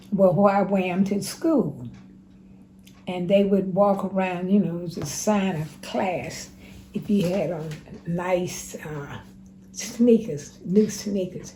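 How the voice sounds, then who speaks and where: A woman in her nineties, plainspoken and unhurried, recounting her life and giving advice in an interview. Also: medium pitch, warm tone, a little hiss or hum, rough recording. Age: 90s. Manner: slow, plainspoken, unhurried storyteller. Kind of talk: casual spoken reminiscence.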